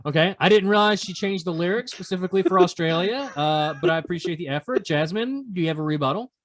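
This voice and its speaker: A man's voice: high-pitched, fast, fairly bright tone. A man hosting a podcast quiz segment, teasing the players in a playful, casual way. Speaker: podcast host running a quiz. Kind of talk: casual chat.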